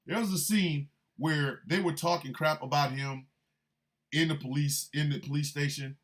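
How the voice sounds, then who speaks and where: A man hosting a radio show, a military veteran, delivering a profane, confrontational monologue that swings from low, menacing threats to shouted outbursts. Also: steady tone, normal speed. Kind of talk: heated monologue rant.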